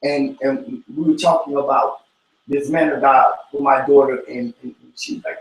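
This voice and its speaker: A man leading an informal Bible study, talking in an animated, preachy way that breaks into shouts. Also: medium pitch, normal speed. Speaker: cell group teacher. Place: church room. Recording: echoey room from far off.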